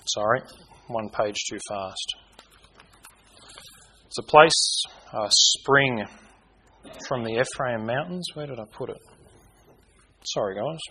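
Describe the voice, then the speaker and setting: A man's voice: medium pitch, slow, long pauses, bright, forceful tone, a little hiss or hum, poor audio. A man preaching a conversational Bible sermon, informal and given to correcting himself and hunting for his place in his notes.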